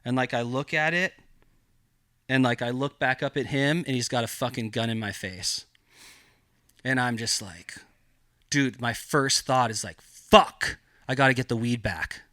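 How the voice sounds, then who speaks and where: Profane animated man telling a story. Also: medium pitch, measured pace, long pauses, dry recording, clean studio sound. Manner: profane, animated, heavy filler "like". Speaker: podcast guest. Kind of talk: casual storytelling.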